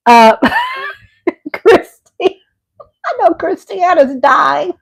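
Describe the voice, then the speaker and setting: A middle-aged woman hosting her vlog at home, chatting casually with viewers; animated and gushing, laughing often and swinging from loud excitement to soft tenderness. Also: high voice, extremely slow, pauses often, low-quality recording. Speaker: vlog host. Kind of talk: casual live chat with viewers. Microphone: on a mic at home.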